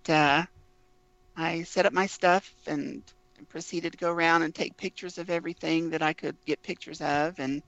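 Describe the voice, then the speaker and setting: A woman's voice: deep voice, no echo. A woman guest in a casual interview, telling an anecdote and acting out the quoted dialogue. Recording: dull lo-fi, dry sound.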